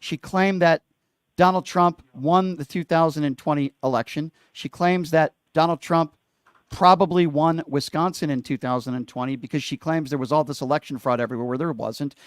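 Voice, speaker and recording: Male talk radio host, emphatic, opinionated, fairly high voice, dry sound. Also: normal speed, clear, resonant tone, dry recording. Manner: emphatic, opinionated, talks over callers.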